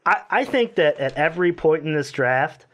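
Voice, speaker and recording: Animated man on a sports podcast. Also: on the high side, moderate pace. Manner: rambling, animated, self-correcting, often sidetracked. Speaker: podcast co-host. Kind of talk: casual sports podcast chat.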